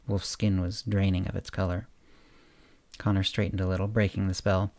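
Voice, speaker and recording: A man hosting a podcast, reading his own short story aloud in a steady narration. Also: sits low, normal speed, creaky, no room sound. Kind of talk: audiobook-style story narration.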